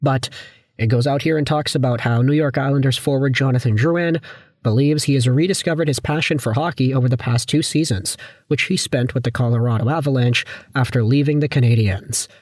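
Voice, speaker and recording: Hoarse guy rambling about hockey on his channel, chatty, dry close sound. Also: mid-range voice, brisk, darkish tone, no echo. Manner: chatty, conversational, with frequent asides. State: hoarse from a viral infection. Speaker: hockey YouTuber. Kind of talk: casual sports commentary.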